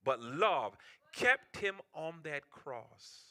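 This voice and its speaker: A male pastor preaching a sermon with impassioned delivery, swinging between loud outcries and hushed near-whispers. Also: fairly high pitch, big pitch swings, very slow. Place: church.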